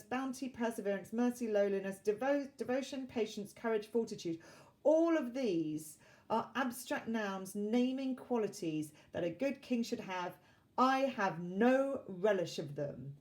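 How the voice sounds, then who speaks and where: A woman teacher explaining a play line by line, in a plain, measured and slightly dry delivery with occasional fillers. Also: mid-range voice, a little mellow. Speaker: English literature teacher.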